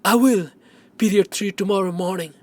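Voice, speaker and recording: A man's voice: high voice, moderate pace, pitched above the performer's own voice, natural voice. A man reading an audiobook, voicing an eager, polite teenage boy at a soda fountain.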